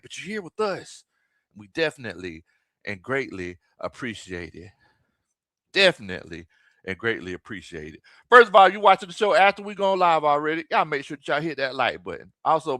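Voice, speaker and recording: A man, a former football coach hosting a casual sports livestream in a folksy, animated way, shouting out viewers by name. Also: mid-range voice, no echo.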